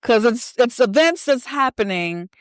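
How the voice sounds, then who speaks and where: A woman's voice: a little high, animated, unhurried, no room sound, clean studio sound. A young woman hosting a casual podcast, chatty and teasing, bossing her co-host around between fillers.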